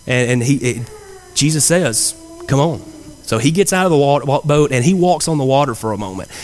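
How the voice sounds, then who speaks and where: A man preaching a sermon in a church, earnest and conversational, with frequent fillers and restarts. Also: fairly high pitch. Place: church sanctuary. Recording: church hall reverb.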